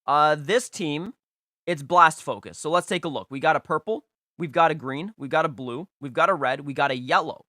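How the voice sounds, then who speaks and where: A man's voice: on the high side, normal speed, sharp tone, no echo, clean studio sound. A young man hosting a live stream, rating viewers' game teams in casual, emphatic and playful commentary, repeating phrases for stress.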